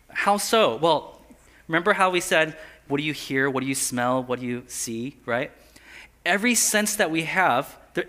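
Male pastor, bright and higher-pitched, storytelling sermon with acted-out dialogue. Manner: acts out dialogue, asks the listeners questions, leads a guided imagination. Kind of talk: animated sermon with slides.

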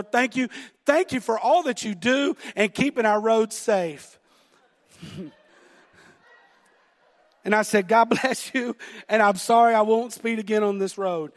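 High-voiced Southern pastor in a reverberant hall. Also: male voice. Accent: Southern American. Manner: storytelling, laughs at himself, acts out dialogue. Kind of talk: sermon with a personal story. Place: church sanctuary.

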